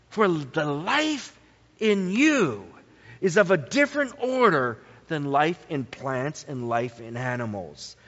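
A man preaching a sermon slowly and emphatically, his pitch swinging widely to stress key words. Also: lively intonation, a bit bright. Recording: dull lo-fi sound in a reverberant hall.

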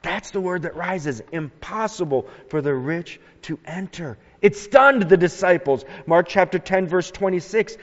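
Male pastor, high-pitched, slow and deliberate, dramatic sermon delivery, muffled long-reverb hall. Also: animated. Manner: dramatic, rises to anguished shouts then drops to hushed tones.

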